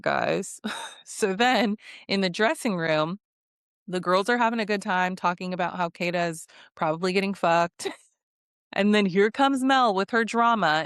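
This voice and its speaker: A woman's voice: on the low side, dry recording, studio quality. A woman giving a casual reality show recap, sassy and full of laughs and mocking asides. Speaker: recap host.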